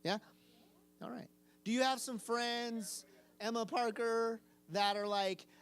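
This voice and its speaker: A man's voice: very high voice, fairly even intonation, slow pace, clean tone. Male youth pastor, conversational sermon, questions to the crowd, repeated phrases for emphasis. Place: room with a live youth audience.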